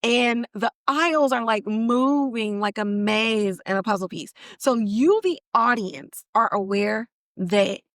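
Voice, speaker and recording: A woman's voice: a little high, slow, hardly any pauses, a bit bright, no room sound, studio quality. A woman hosting a podcast and recapping a TV episode in casual, slangy storytelling that is full of animation and laughter. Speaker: podcast host.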